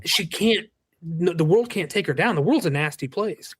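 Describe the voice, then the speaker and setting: A man in his thirties, a roofing business owner, chatting as a podcast guest in an earnest, animated way with frequent restarts. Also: sits high, moderate pace, breathy edge. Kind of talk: casual podcast chat.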